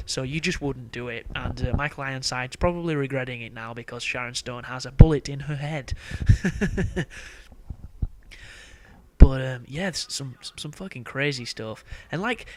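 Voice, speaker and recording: Brief: young male game commentator, loose, rambling, profane, chuckles between points, mid-pitched voice. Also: a little hiss or hum. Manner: rambling, profane, laughs often. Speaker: gameplay commentator. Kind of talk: casual gameplay commentary.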